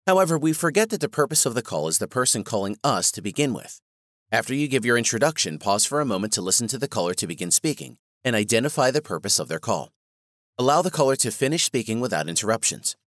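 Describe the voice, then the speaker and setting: A man reading a scripted training course on phone etiquette in a measured instructional manner. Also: medium pitch, sing-song, a bit bright, dry recording, clean studio sound. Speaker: course narrator.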